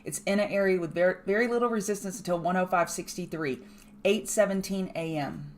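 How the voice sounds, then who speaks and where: A woman hosting a live trading show, walking viewers through charts in a brisk, emphatic way with chatty asides. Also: fairly low pitch, a little hiss or hum. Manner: brisk, emphatic, repeats key points. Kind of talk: live market chart analysis.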